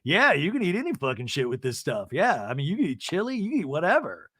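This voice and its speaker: Speaking fast with a breathy edge and a high-ish pitch, a man hosts a podcast recapping a reality show. He's casual and comedic, rambling animatedly and laughing a lot. The sound is clean studio audio without echo.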